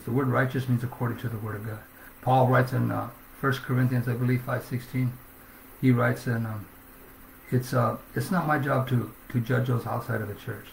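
Gravelly-voiced male preacher, fervent, scripture-heavy sermon, echoey room. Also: mid-range voice, slight background noise. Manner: fervent, punctuates with "Amen?"; reads scripture aloud.

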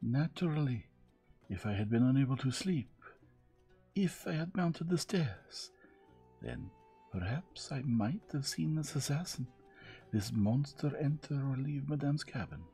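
A man's voice: mid-range voice, lively intonation, a little slow, dark tone, slightly rough, soft background music, pitched above the performer's own voice. A man voicing an anxious young French maid woman who speaks hesitantly and pleadingly. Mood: coy.

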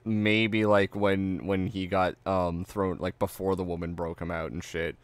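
A man co-hosting a casual podcast, rambling and swearing as his voice trails off softly. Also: low voice, flat delivery, measured pace, dry recording. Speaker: podcast co-host.

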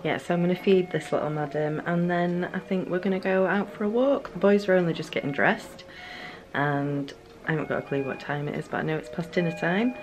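A new mother vlogs casually from home, chatting away and sometimes drifting into sing-song baby talk. Her voice is lowish and her pace brisk.

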